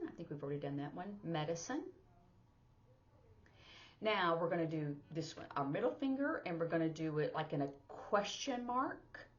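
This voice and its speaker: A woman with a lowish voice gives a relaxed, chatty lesson, explaining each sign one step at a time and pausing on "um" as she thinks. The recording sounds dull and lo-fi. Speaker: sign language teacher. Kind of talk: casual instructional lesson.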